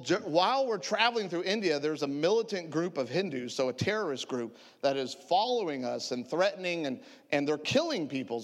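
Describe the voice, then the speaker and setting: Man preaching in a reverberant hall. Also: on the high side. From United States. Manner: animated, joking, lively storytelling. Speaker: traveling preacher. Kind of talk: humorous storytelling sermon.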